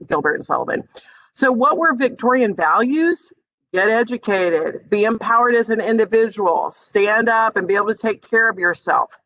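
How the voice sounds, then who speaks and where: A woman giving a conversational online music history lecture over a video call, filling pauses with ums and speaking directly to her students. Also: medium pitch, sharp tone, dry recording, poor audio. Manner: conversational, many ums, addresses students as friends.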